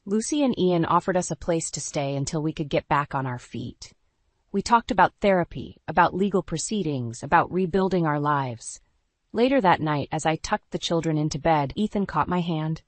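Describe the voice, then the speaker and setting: A woman tells a dramatic story in the first person, earnest and steady. Her voice sits low, and the recording is close and dry, with no room around it. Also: moderate pace, no room sound. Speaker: narrator.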